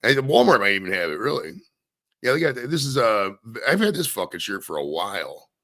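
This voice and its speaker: A man's voice: fairly low pitch, big pitch swings, brisk, pushed and bright. Rambling profane man from Maine. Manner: rambling, profane, loose and conversational. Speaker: streamer and show host. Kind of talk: casual solo stream chat.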